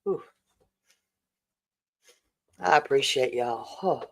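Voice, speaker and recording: Woman, forties, gravelly fry, casual livestream chat, heartfelt. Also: rumbling low, drawn-out words, poor audio. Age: 40s. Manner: warm, emotional, repeatedly thanking viewers. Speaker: livestream host.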